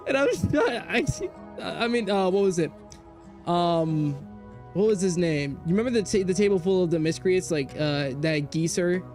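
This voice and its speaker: A man streaming a game, telling a story in casual chat, animated and profane, jumping between loud outbursts and low mutters. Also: normal speed, faint music behind. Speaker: gaming streamer.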